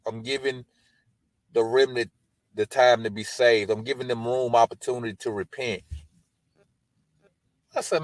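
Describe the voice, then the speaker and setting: Male podcast host, middle pitch, dry close sound, reads scripture aloud, loose colloquial commentary. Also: expressive, normal speed, long pauses, dry recording, rough recording. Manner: conversational and colloquial, often adds "man" and "you know". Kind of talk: scripture reading with casual commentary.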